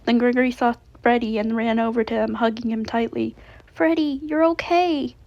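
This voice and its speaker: A woman reads a story aloud in a plain way, correcting small slips as she goes. Her voice is slightly high and gravelly. The recording sounds dull and lo-fi. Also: completely flat delivery, fairly quick, darkish tone. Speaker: fanfiction reader.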